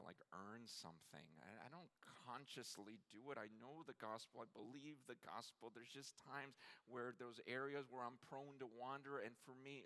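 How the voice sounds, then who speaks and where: A man preaching a sermon at a conference, earnest and impassioned, building to shouts. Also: mid-range voice. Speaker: conference speaker.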